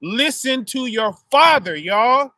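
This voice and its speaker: Here a man with a fairly high voice preaches on the street in a relaxed, chatty way, asking "right?" after almost every phrase and leaning on homely family examples. His delivery is slow and lively in intonation, with a bright, forceful tone, captured dry and close with no room sound.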